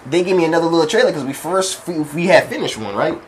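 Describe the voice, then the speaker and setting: A man's voice: a little high, quick pace, slight background noise. A young man telling a workplace story in casual chat, acting out what people said with heavy slang. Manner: animated, acts out quotes, heavy slang.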